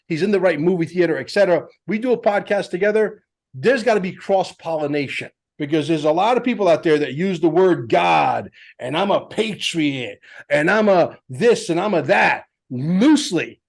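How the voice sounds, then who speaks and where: A man hosting a podcast, telling stories in an animated, blunt and emphatic way. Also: fairly high pitch, normal speed, vocal fry. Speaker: podcast host. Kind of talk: casual podcast chat.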